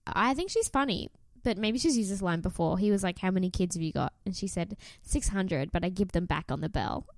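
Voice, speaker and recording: Woman, young adult, casual podcast chat, sweary, animated, dry close mic. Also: medium pitch, brisk, dry recording. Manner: animated, sweary, laughs often. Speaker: podcast co-host. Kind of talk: casual chat recapping a reality show.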